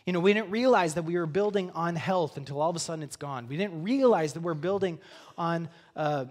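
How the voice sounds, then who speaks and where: Male pastor, slightly high voice, earnest reflective sermon delivery with hushed asides. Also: fairly quick. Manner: earnest, reflective, drops to soft near-whispers. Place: church sanctuary.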